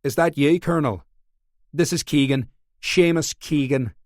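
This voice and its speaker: A man's voice: fairly high pitch, a little slow, darkish tone, no echo, studio quality, pitched above the performer's own voice, close to an everyday voice. A man voicing a desperate, cold young Northern Irish gunman who stays polite and defiant. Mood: cool.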